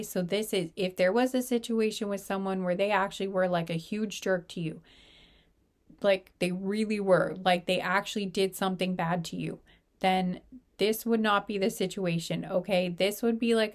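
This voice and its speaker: A woman giving a casual pick-a-card tarot reading, rambling loosely with lots of "like" and "you know" as she talks. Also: medium pitch. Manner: rambling, filler-heavy talk full of "like" and "you know". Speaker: tarot reader.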